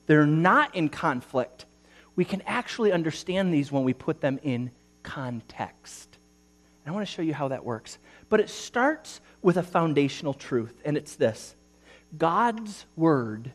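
A male pastor preaching a sermon, reading scripture aloud with emphasis and speaking in an animated way. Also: on the high side.

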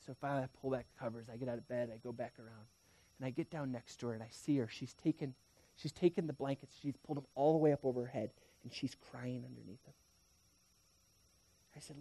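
A pastor in his thirties preaches at a quick pace in a medium-pitched voice, sharing stories and addressing his congregation head-on. He moves from loud, emphatic passages to hushed, nearly whispered ones.

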